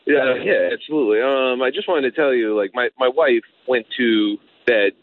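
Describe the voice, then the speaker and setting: Nervous male caller on a tinny phone line. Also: mid-range voice. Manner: nervous, halting. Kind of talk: phone-in chat.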